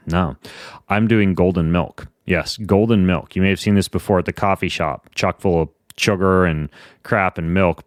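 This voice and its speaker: A man hosts a podcast in a casual, rambling manner, slipping quirky and self-mocking jokes into his sponsor reads. His voice sits very low. The sound is dry, with no room echo. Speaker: podcast host. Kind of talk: casual podcast intro and ad read.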